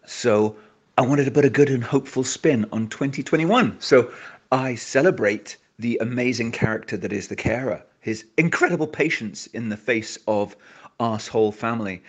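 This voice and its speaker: Scottish man, caller, wry, polite, upbeat, mid pitch. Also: moderate pace. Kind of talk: voice message to a show.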